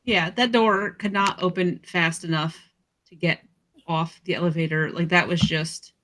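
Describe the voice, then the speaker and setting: A woman's voice: fairly low pitch, fairly even intonation, unhurried, fairly bright tone, slight background noise. A woman co-hosting a podcast, telling an embarrassing family story in a chatty, laughing way. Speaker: podcast co-host. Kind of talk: casual chat.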